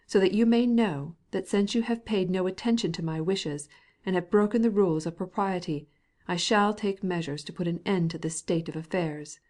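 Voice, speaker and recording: A woman's voice: normal speed, darkish tone, natural voice. A woman voicing a stern, cold middle-aged husband with a piping voice who speaks angrily and stammers when upset. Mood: angry. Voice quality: piping, high-strung.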